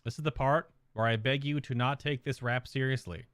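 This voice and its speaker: A man's voice: medium pitch, fairly even intonation, a little fast, a bit bright, clear, resonant tone, no echo, studio quality. A man streamer giving casual, rambling reaction commentary in an amused way.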